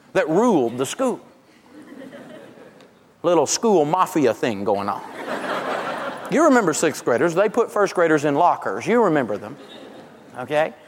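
A man with a notably high voice teaches through humorous stories, acting out everyday people as he goes. He often stumbles and restarts his sentences mid-thought. His voice rings out with the long reverb of a large hall. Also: slight background noise. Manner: storytelling, acts out everyday people, frequent stammered restarts. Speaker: seminar speaker. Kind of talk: humorous teaching talk to a live audience.

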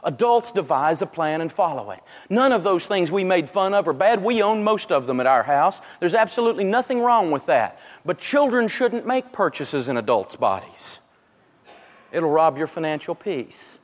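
Animated, high-voiced male lecturer. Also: moderate pace. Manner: animated storyteller. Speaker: financial teacher. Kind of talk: humorous lecture to a live audience. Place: large hall with an audience. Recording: long echo of a large hall.

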